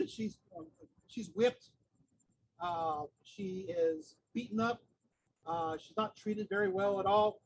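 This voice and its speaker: A man's voice: high voice, breathy edge, poor audio. A man giving an outdoor lecture, retelling a myth in a chatty way with humorous asides. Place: outdoors near a busy street corner. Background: faint traffic noise.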